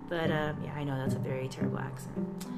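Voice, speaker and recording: A woman co-hosting a podcast, casually recapping an episode, chatty and often laughing. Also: low voice. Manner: chatty, laughs often, does silly voices. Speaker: podcast co-host.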